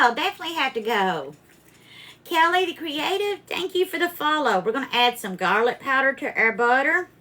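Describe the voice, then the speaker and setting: Bright-voiced woman cooking live. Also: sits high. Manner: chatty, warmly greets viewers by name. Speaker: cooking livestream host. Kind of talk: casual live cooking chat. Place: home kitchen.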